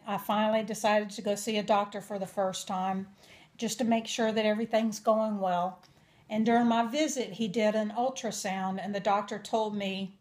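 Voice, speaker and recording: A woman's voice: medium pitch, darkish tone. A young woman telling her personal testimony in an earnest, emotional way. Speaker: testimony speaker.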